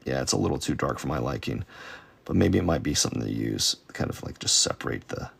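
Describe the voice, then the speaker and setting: A man's voice: rumbling low, lively intonation, quick pace, gravelly, husky. A man streaming a drawing session live, rambling and joking about his own work as he sketches. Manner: rambling, self-deprecating, with silly sound effects. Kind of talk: casual live-stream commentary while drawing.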